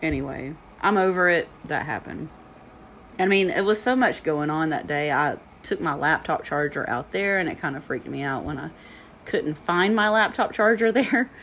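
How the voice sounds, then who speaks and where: A woman's voice: low-pitched, expressive, normal speed, a bit bright, a little hiss or hum. A woman who teaches yoga and meditation, hosting her own podcast from home and telling rambling stories with frequent laughs. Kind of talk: casual solo podcast chat. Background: heater rattling.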